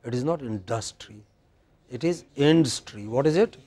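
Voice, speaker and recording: A man with an Indian English accent runs a pronunciation drill in a university classroom, demanding and exacting as he corrects each slip and drags words out slowly for the class to echo. His voice is a little high and dark-toned, with a breathy edge.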